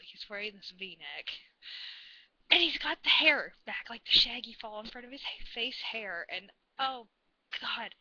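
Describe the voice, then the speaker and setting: A woman telling a story in a casual vlog, rambling and gushing like an excited fan. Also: mid-range voice, highs cut off. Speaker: vlogger.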